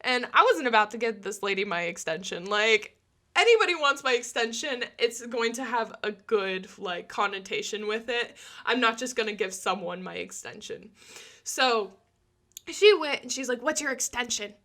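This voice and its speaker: A young woman with a high, bright voice chats through a storytime tale. She says "like" constantly and laughs easily as she talks. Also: animated, moderate pace. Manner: chatty, peppered with "like", laughs often. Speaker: storytime vlogger. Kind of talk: casual storytime.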